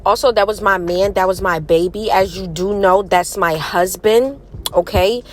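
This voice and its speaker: A woman's voice: medium pitch, normal speed, slight background noise, natural voice. A woman putting on an exaggerated New York accent as a brash, tough-talking New York woman. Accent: New York, put on. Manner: exaggerated, bold and slangy.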